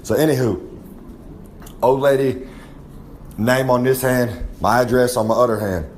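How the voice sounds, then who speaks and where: A man's voice: medium pitch, fairly even intonation, a little slow, darkish tone, a little hiss or hum. A man giving a rambling, in-character wrestling promo, boasting and talking about himself in the third person with many asides. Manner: drawling, rambling storyteller with frequent asides. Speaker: recurring segment guest.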